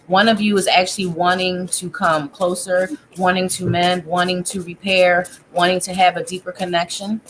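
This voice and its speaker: A woman's voice: lowish voice, little pitch movement, normal speed, few pauses, slight background noise. A woman giving a live tarot reading in a chatty manner, thinking aloud and breaking off mid-sentence. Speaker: psychic tarot reader.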